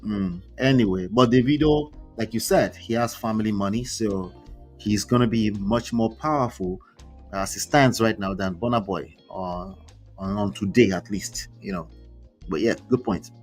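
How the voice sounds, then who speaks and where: A man's voice: on the low side, normal speed, husky, faint music behind. A man hosting a casual live stream, reading posts aloud and reacting with chatty asides. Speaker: relationship commentary host.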